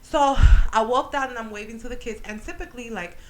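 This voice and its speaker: A young woman hosts a casual radio show, her voice bright and fairly high. She spins a story in an animated, slangy manner and laughs easily. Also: a little fast, slight background noise, rough recording. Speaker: radio show host and teacher. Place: radio studio.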